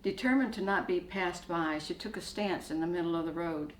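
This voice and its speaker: Lady reading her own story, steady, lowish voice, roomy and a bit hissy. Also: a little fast, distant mic. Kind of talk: reading a short story aloud. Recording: echoey room, faint hiss.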